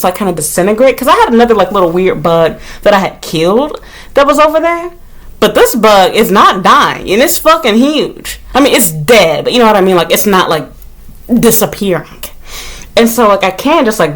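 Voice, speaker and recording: A woman talking casually to her vlog audience from her small apartment, rambling with lots of "like" and cursing freely. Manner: animated, rambling, heavy use of "like", swears freely; shrieks and jumps high when retelling her panic. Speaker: vlogger.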